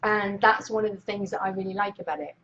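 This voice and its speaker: Energetic woman host coaching on camera; bright, excitable delivery, lo-fi webcam audio. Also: medium pitch, fast, a little hiss or hum. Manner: excitable, energetic, greets viewers by name. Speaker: Facebook Live host and speaking coach. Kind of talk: casual live-stream coaching talk. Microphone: webcam clipped on monitor.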